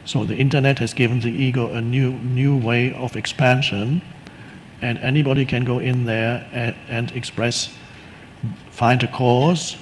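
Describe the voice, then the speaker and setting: A man giving a calm, unhurried spiritual teaching talk, reflective and often restarting his sentences. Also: medium pitch, a little hiss or hum, low-quality recording.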